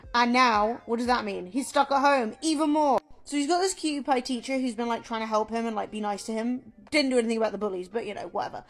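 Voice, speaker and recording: A woman streamer chatting casually and retelling a story in a rambling, playful way, full of "like" fillers. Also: on the high side.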